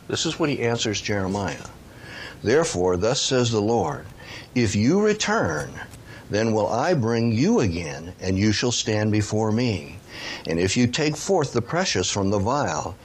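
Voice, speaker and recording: A man's voice: fairly low pitch, slight background noise. A man preaching a sermon, reading scripture aloud and pressing his points with rising, questioning emphasis.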